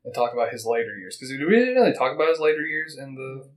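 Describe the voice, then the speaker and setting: With a sing-song, medium-pitched voice, a man runs a casual podcast where he reads passages and pauses to joke and talk. He's rambling, throws quick voices into the quotes, and the sound quality is poor.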